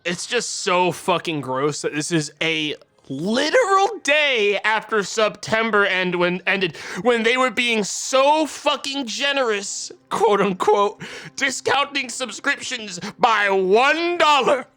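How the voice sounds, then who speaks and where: A man's voice: high-pitched, lively intonation, takes it slowly, bright, forceful tone. A man streaming live, ranting with exasperation and heavy swearing to his chat. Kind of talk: angry live-stream rant.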